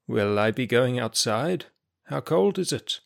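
A man voicing a weak, ailing older male prophet in prison who speaks slowly and with difficulty. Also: medium pitch, lively intonation, vocal fry. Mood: weary. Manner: slow, strained, faint.

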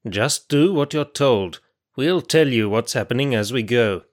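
A man's voice: mid-range voice, lively intonation, unhurried, lightly acted. A man voicing a harsh, impatient male prison guard who snaps out orders, in a storybook reading. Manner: snapping, barking orders.

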